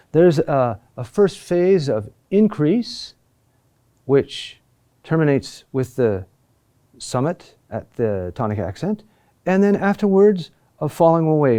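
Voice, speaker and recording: Slow, mellow-voiced man teaching chant. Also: fairly high pitch. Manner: slow and deliberate, with frequent "uh" pauses. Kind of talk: classroom lecture.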